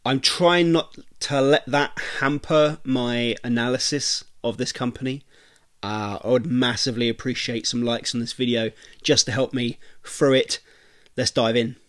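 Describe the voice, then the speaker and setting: Croaky, nasal man with a cold. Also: mid-range voice, steady tone, a little slow, a bit bright, no room sound, clean studio sound. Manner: chatty, informal, talks straight to viewers. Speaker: investing video host. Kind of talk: casual stock analysis vlog.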